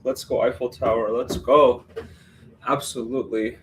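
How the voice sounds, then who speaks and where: A man's voice: mid-range voice, a little slow, noisy background. A man hosting a live stream, chatting casually and rambling while he builds, greeting viewers by name and laughing at himself.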